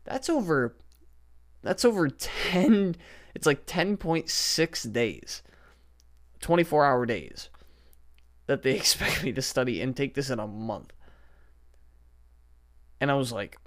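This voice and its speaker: A young man with a mid-pitched voice hosts a casual solo podcast from his basement. He rambles and swears freely, sounding exasperated as he vents into his podcast microphone. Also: lively intonation, slow, pauses often. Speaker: podcast host. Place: basement at home. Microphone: podcast setup microphone.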